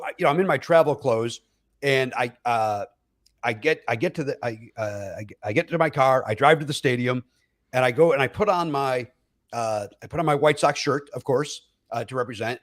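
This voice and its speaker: A middle-aged male comedian spinning a story on a podcast, slipping in and out of the voices of the people he describes. His voice sits on the higher side for a man, and he keeps the tone loose and chatty throughout. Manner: animated storyteller who acts out quoted voices. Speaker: comedian guest.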